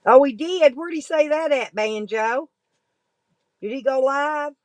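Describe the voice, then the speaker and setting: A woman's voice: high-pitched, a little slow, a little mellow, no echo, rough recording. Blunt woman, rambling. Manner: blunt, folksy and profane. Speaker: livestreaming vlogger. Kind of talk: casual rambling talk to viewers.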